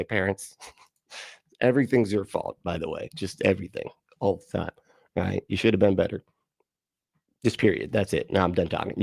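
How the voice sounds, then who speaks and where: A man hosts a casual livestream, reacting to chat comments with sarcasm, swearing and frequent laughter. His voice sits low with a gravelly edge. The sound is dry and close. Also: darkish tone, dry recording. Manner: sarcastic, profane, laughs often. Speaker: livestream host.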